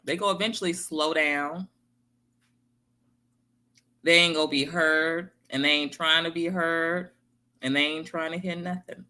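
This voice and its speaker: A woman's voice: deep voice, steady tone, measured pace, long pauses, pushed and bright. A woman giving a casual motivational talk, emphatic and repeating her key phrases to viewers. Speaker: motivational speaker.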